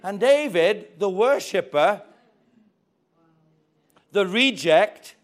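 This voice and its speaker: A man with a high voice preaches a sermon at an extremely slow pace. He tells a story with great animation, acting out the characters' voices and swinging widely from quiet to loud.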